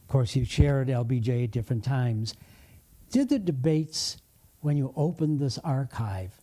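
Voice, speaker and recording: An older man hosting a bookshop interview, speaking haltingly and filling his pauses with many hesitations. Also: mid-range voice, mellow. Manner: halting, frequent "uh" fillers. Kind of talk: conversational interview.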